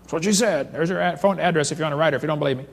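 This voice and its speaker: A man's voice: fairly high pitch, very fast, creaky. Storytelling man in an echoing hall. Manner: animated storyteller reading accounts aloud. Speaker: creationist seminar speaker. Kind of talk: storytelling seminar lecture. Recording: reverberant lecture hall.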